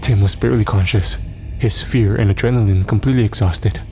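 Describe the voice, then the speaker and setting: A man narrating a first-person horror story in a steady, somber way. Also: on the low side, a little fast, slight background noise.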